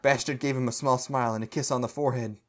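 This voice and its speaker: A man's voice: medium pitch, fairly even intonation, fast. A man podcast co-host reading fan fiction aloud for comedy, stumbling over the awkward prose and breaking into laughter.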